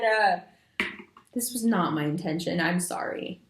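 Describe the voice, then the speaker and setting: A woman giving a monthly astrology reading, talking straight to her viewers in an animated, emphatic way with casual slang. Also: on the low side, unhurried, long pauses, roomy sound. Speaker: astrology reader. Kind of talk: monthly horoscope reading to camera.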